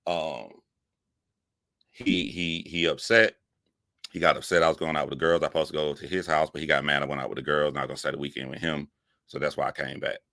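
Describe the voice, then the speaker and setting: A man telling a profane comic story, animated and laughing, jumping up in pitch for emphasis. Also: quick pace, gravelly, no room sound, clean studio sound. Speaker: comedic storyteller.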